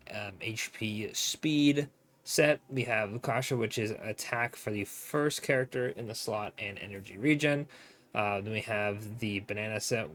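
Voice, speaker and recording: A man's voice: mid-range voice, fairly bright tone. A young man giving casual game guide commentary, rambling and often forgetting names with self-mocking asides. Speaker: gaming content creator.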